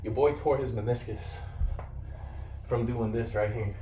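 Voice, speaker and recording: A man's voice: mid-range voice, fairly even intonation, a little slow, warm tone, recorded from a distance. A man vlogging straight to the camera in blunt, slangy talk peppered with swearing and brags, sounding a little out of breath. He is some way from the mic, so his voice carries the echo of the room, and a faint hiss of noise runs underneath. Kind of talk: casual direct-to-camera vlog talk.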